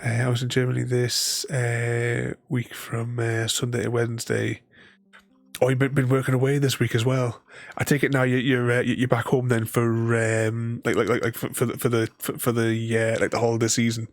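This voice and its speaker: Man, gravelly voice, rambling live-stream chat, faint game music behind. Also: mid-range voice, little pitch movement, normal speed, no echo. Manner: rambling and chuckly, chatting with viewers. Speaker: gaming streamer. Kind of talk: casual live-stream commentary.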